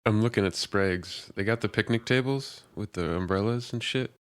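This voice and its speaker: A man's voice: fairly low pitch, moderate pace, clean tone. A man co-hosting a podcast in casual chat, laid-back with dry remarks. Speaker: podcast co-host.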